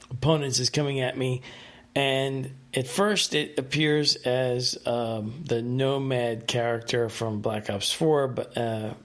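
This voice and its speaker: Man, solo podcast host, mid-pitched, casual and rambling, lots of ums and restarts. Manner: rambling, hesitant, many fillers and restarts.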